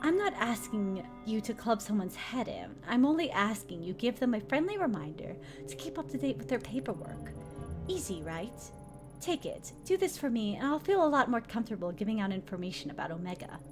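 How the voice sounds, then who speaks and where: A woman's voice: on the high side, sing-song, fairly quick, over music. A woman voicing a female yakuza boss in a game, speaking in a silky, mocking, coolly threatening way.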